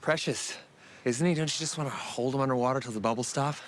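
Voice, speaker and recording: A man's voice: mid-range voice, fast, slight background noise, lightly acted. An actor playing a sarcastic grown man who mocks his younger self in a dry, mocking tone. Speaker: film character.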